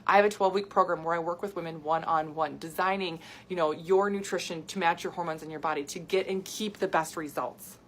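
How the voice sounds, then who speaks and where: A woman's voice: on the low side, fairly quick, hardly any pauses, slight background noise. Chatty woman host reacting to viewers. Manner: animated, chatty, reacts excitedly to viewer comments. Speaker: health coach and podcast host. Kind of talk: casual live video chat with viewers.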